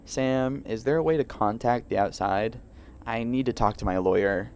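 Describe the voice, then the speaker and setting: A man voicing a calm reporter turned prisoner in a video game, speaking low and quietly. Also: moderate pace, creaky, slight background noise, close to an everyday voice. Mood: low-key. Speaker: game character.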